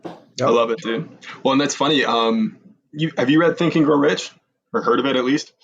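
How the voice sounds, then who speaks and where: A man hosting a podcast who chats in a relaxed, agreeable way and asks his guest questions. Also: mid-range voice, normal speed, gravelly, lo-fi sound. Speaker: podcast host. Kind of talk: casual podcast chat.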